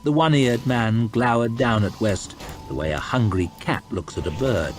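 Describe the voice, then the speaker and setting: A man reading a novel aloud as storytime narration, expressive with soft low asides. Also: normal speed, hardly any pauses, music in the background. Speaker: audiobook reader. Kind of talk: storytime narration over gameplay.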